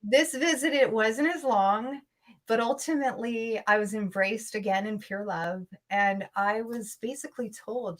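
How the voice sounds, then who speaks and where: A woman's voice: on the high side, a little slow. Woman telling an intense story in an interview. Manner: earnest, urgent retelling with many restarts. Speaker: interview guest.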